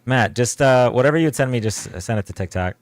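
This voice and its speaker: A man in his thirties hosting a live political debate stream, talking casually in a laid-back monotone while hoarse and losing his voice. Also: medium pitch, fast, dry recording.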